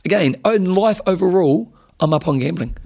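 A man's voice: high voice, normal speed, vocal fry. A New Zealand man co-hosting a radio show, chatting casually and teasing his co-host. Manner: teasing, animated. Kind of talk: casual banter.

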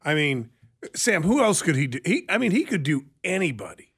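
A man's voice: a little high, big pitch swings, a little fast, a bit bright, breathy edge. A man hosting a radio show, leading the talk and telling stories in a chatty way. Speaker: host. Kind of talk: casual radio show banter.

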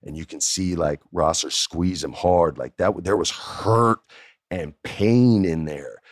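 A middle-aged American man with a very low, deep voice tells a story in a loose, animated way. He talks casually, stacking fillers and restarting his sentences. The sound is dry and close, with no room echo. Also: slow pace. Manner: animated, conversational, lots of fillers.

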